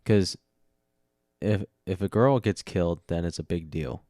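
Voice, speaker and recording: A man's voice: deep voice, measured pace, warm tone, no echo, clean studio sound. A sleepy man hosting his own podcast, rambling casually about writing a script, yawning and laughing at his own jokes. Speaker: podcast host. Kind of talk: casual solo podcast talk. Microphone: studio mic with audio interface.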